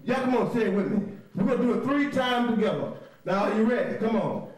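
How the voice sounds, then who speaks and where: A man teaching a call-and-response Bible lesson, often shouting, laughing, and spelling words out letter by letter. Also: high voice, expressive, fast talker, recorded from a distance. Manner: laughs often, coaxing the class to repeat. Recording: very echoey room.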